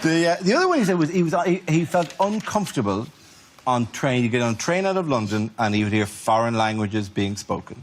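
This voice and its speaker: An Irish man hosting a comedy panel show, bantering fast and mocking himself while he laughs. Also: medium pitch, big pitch swings, a little hiss or hum. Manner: rapid, self-mocking, laughing through lines. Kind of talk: quick-witted comic banter. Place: TV studio with live audience. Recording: TV studio, loud audience laughter.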